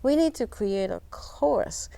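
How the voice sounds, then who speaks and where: A woman's voice: fairly high pitch, animated, takes it slowly, vocal fry, mellow, no echo. A woman with a New York accent, speaking as a nurse educator in a panel discussion, chatty and emphatic, repeating herself for stress.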